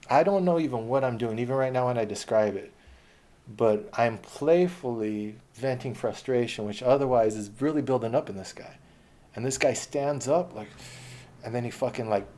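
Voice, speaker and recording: A man's voice: mid-range voice, moderate pace, mellow. A man telling a long personal story in a casual, rambling, profane way.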